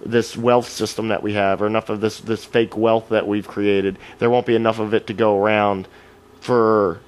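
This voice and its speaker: A man's voice: fairly low pitch, little pitch movement, normal speed, poor audio. A man co-hosting a casual podcast, talking in earnest, rambling runs and restarting his sentences. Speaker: podcast co-host.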